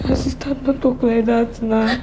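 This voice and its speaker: A woman's voice: a little high, little pitch movement, moderate pace, background noise, natural voice. A woman playing a pleading Nigerian younger sister.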